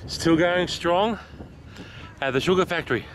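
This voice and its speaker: A man vlogging outdoors while walking, out of breath, excited and chatty, laughing often. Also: a little high, measured pace, a little hiss or hum. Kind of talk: casual vlog while walking. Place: outdoors in a park.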